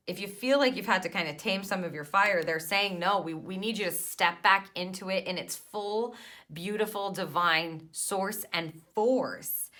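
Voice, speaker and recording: Bright-voiced woman giving an encouraging tarot reading. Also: lowish voice. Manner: encouraging, emphatic, with hesitant fillers. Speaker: tarot card reader.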